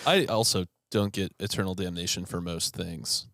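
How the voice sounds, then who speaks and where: A man co-hosting a casual podcast, animated and jokey, swearing freely. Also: low-pitched, normal speed, dry recording, clean studio sound. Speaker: podcast co-host. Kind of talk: casual chat.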